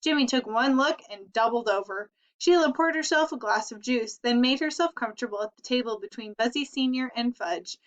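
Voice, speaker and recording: A woman's voice: fairly high pitch, brisk, few pauses. Woman reading a children's story aloud. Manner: lively, expressive reading. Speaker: audiobook reader. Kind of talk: storybook narration. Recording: dull lo-fi recording.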